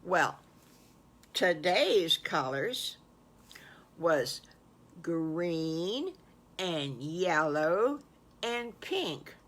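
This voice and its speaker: Slow, low-voiced older storyteller woman. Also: big pitch swings. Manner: warm, exclaiming, folksy. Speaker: storyteller grandmother. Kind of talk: improvised bedtime storytelling.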